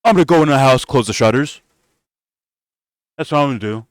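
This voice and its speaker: A man's voice: mid-range voice, expressive, a little fast, clean tone, no echo, clean studio sound, voice pushed up, close to an everyday voice. A man mocking a feeble, timid old male politician in a whiny, pleading voice.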